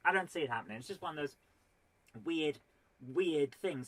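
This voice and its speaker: A woman's voice: deep voice, animated, moderate pace, long pauses, no room sound. A woman performing a stand-up comedy routine, full of exasperated rhetorical questions and mock indignation.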